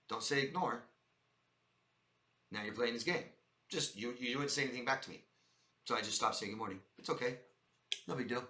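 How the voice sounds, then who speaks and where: Brisk yet pausing often, a man with a mid-range voice and sharp tone speaks in an echoey room. His direct-to-camera monologue offers viewers life-coaching advice, with frequent "guys" and points stressed and repeated.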